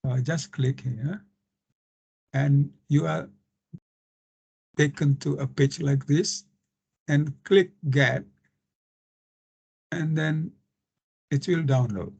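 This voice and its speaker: A man with an Indonesian accent giving a screen-share lecture on translation, halting and full of fillers and restarts. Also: a little high, vocal fry, darkish tone, breathy edge, lo-fi sound.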